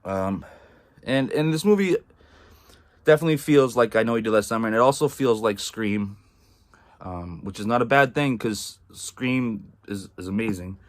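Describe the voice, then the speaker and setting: Guy from massachusetts doing a loose movie review, kinda low voice, lots of "like" and "um", swears a bunch. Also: lively intonation, normal speed. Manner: rambling, heavy on "like" and "um", swears freely. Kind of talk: casual spoken film review.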